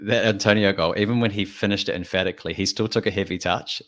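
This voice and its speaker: A man with a low voice joins in football podcast banter, with a teasing, jokey edge. He talks casually and at an easy pace. He comes across as one of the regular co-hosts. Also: a bit bright. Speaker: podcast co-host.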